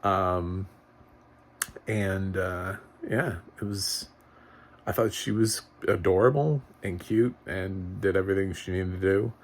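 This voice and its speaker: Low gravelly-voiced man reviewing a film. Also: slow. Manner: rambling, chuckling, lots of fillers and restarts. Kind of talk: casual spoken movie review.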